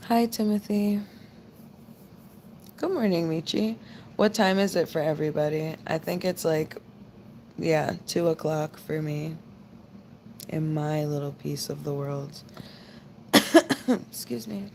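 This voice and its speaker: This low-pitched woman takes her time and pauses often, with slight noise behind her. In her 20s and from the US, she hosts a late-night livestream, rambling easily to viewers with many "like" fillers.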